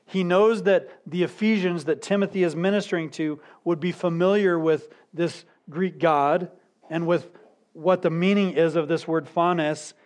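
A middle-aged man preaching a sermon as a pastor, teaching verse by verse and slowing down to stress key words. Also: a little high.

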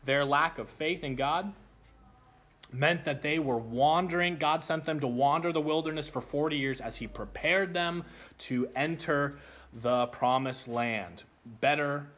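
Guy giving a sermon, tells a funny story all lively, kinda high-ish voice. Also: measured pace. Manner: animated storytelling, acts out voices. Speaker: preacher.

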